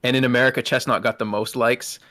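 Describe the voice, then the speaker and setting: A man co-hosting a podcast in casual chat, playful and quick to laugh. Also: medium pitch, level tone, fairly bright tone, no echo, clean studio sound. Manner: laughs easily, playful, speculative. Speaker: podcast co-host.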